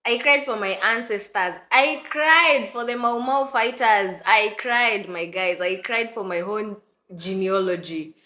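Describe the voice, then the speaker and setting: Animated woman from Kenya, echoey room. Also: medium pitch, unhurried. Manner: animated, dramatic retelling with laughter and mock crying. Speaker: vlogger. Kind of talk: casual storytelling to camera.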